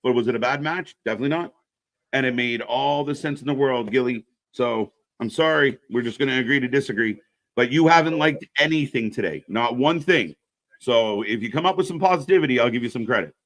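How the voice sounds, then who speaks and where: A man's voice: mid-range voice, fairly quick, fairly bright tone, no room sound. A man co-hosting a wrestling live stream, in casual, profane chat that reacts to the action and answers viewers.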